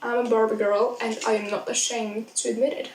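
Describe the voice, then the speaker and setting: Young woman gushing about a movie, kinda high voice, sounds far from the mic in an echoey spot. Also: a little fast, slight background noise. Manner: gushing, rambling excitement. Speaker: vlogger. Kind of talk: casual film review vlog.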